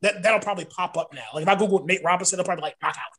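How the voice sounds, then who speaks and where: A man co-hosting a podcast, telling stories in casual chat with animated, profane delivery and lively impressions. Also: high voice, very fast, a loud crowd. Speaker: podcast co-host.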